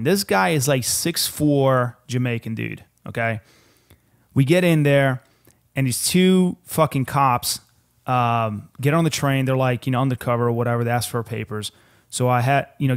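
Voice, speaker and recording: A man's voice: mid-range voice, clean tone. Young male podcast co-host, loose and profane, rambling anecdote delivery. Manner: profane, rambling storyteller saying "dude" a lot. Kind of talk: casual chat.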